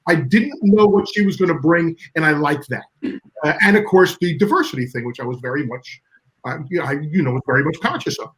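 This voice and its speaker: Animated man reminiscing fondly. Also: on the high side, fast, low-quality recording. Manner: reflective, hedging with fillers. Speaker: show creator and guest. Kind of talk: reflective casual chat.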